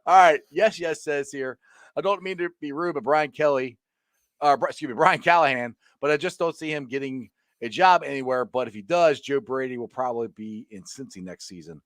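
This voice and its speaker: A man's voice: medium pitch, fairly quick, a bit bright, no echo. A male sports podcast host in casual chat who laughs easily and reads out viewer comments.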